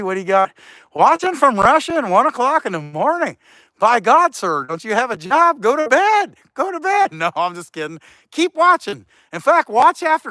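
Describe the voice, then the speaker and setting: High, bright-voiced joking livestream host. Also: male voice, dry recording, clean studio sound. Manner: joking, rambling, reads chat aloud. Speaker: chainsaw carver hosting a livestream. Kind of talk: casual livestream chat.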